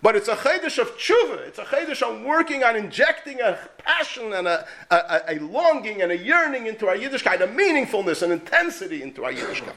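A man's voice: sits high, sing-song, quick pace, few pauses, bright, forceful tone. A man teaching a Torah class as a rabbi, emphatic and full of rhetorical questions, weaving Yiddish and Hebrew terms into his English. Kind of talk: Torah lecture.

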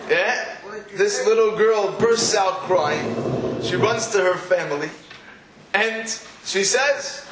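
A man's voice: sits high, normal speed, a bit bright, roomy sound, rough recording. A man, giving a weekly Torah class. He poses rhetorical questions and breaks into storytelling asides. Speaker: Torah teacher.

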